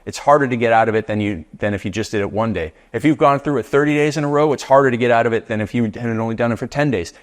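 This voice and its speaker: A middle-aged man, a business coach, giving an emphatic motivational talk full of repeated rhetorical questions. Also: mid-range voice.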